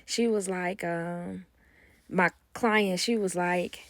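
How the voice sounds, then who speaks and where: Woman spilling nanny tea, super animated, dry close phone sound. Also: fairly low pitch, takes it slowly, no room sound. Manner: animated gossip storytelling with acted-out quotes. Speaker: nanny vlogger. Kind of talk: casual storytime with quoted dialogue.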